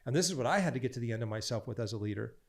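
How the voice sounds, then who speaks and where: A podcast guest with a mid-range male voice talks with preachy conviction, stacking one repeated phrase after another as he coaches. His delivery is emphatic and animated, the rhythm of someone used to preaching a point. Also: mid-range voice, rapid-fire, gravelly.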